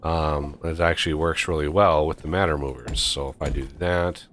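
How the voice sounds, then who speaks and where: A man's voice: very deep voice, steady tone, normal speed, a bit bright, a little hiss or hum. A man streaming a multiplayer game, casually thinking aloud and counting off steps as he builds. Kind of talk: casual multiplayer gameplay chat.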